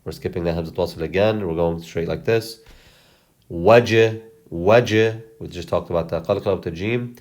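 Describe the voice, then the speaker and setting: A man teaching reading step by step, sounding out words syllable by syllable and repeating them slowly, with apologetic self-corrections. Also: sits low, a little mellow.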